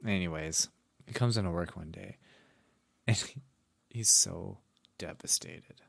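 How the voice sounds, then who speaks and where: A young man with a fairly low voice tells a rambling story on a podcast, swearing casually and breaking into laughter. His voice is recorded dry and close, with no room echo. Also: a little slow, creaky, breathy edge. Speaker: podcast co-host.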